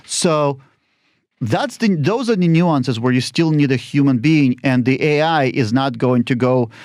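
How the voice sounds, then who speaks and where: Fast-talking man telling client stories. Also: mid-range voice, darkish tone, no echo, clean studio sound. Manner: quick storytelling that acts out phone calls and client dialogue. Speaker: estate planning lawyer, podcast guest. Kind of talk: casual interview talk.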